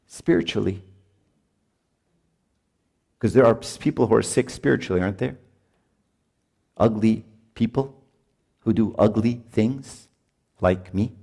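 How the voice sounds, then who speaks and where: A middle-aged man preaching at a retreat in an animated way, acting out voices of parents and children as he teaches. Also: lowish voice, creaky, breathy edge. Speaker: priest. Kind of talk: retreat sermon.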